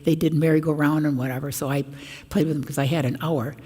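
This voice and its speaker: An older woman with a low voice tells stories to a parish congregation and springs into raised voices for the people she quotes. Her words ring out with the long reverb of a large church. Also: steady tone, fast talker, dark tone, husky. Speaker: guest speaker at a parish mission. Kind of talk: storytelling talk to a congregation.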